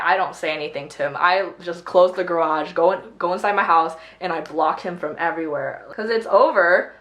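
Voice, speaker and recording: A young woman tells a story in a casual, chatty way while doing her makeup, filling it with "like". Her voice sits fairly low for a woman. The recording has a roomy echo. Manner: chatty, animated retelling with many "like"s. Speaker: beauty vlogger.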